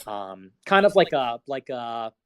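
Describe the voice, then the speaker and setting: A man hosting a casual stream chat, animated and rambling with lots of fillers. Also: mid-range voice, unhurried, a little hiss or hum. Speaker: podcast host.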